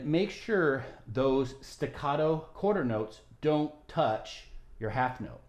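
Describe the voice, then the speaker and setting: A man's voice: medium pitch, darkish tone. A man teaching violin, explaining rhythm and bowing patiently step by step, often checking in with "right?". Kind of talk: music tutorial. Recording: roomy echo with violin. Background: violin playing.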